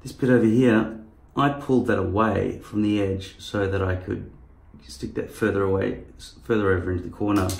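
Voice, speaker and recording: A man's voice: lowish voice, steady tone, normal speed, gravelly, hardly any pauses, darkish tone. A man vlogging in casual chat, rambling and profane. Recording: echoey room.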